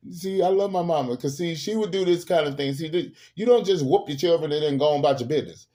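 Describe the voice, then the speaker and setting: Man, fairly high voice, mellow tone, casual storytelling, emphatic, salty humor. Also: brisk. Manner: animated, emphatic, profane humor. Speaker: host.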